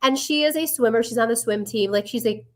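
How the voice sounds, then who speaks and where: A woman in her forties co-hosting a podcast, telling stories in an animated way and acting out her own quotes. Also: on the high side, a little fast. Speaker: podcast co-host. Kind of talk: casual chat.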